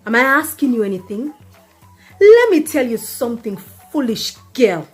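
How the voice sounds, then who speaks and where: A woman voicing a jealous, fiery young woman in a comedy skit, loud and confrontational. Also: very animated, moderate pace, faint music behind. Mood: angry. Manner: confrontational and shrill.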